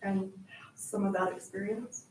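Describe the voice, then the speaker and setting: A woman's voice: medium pitch, steady tone, unhurried. Woman leading a class, distant and echoey. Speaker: class instructor. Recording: very echoey room, distant mic, noise.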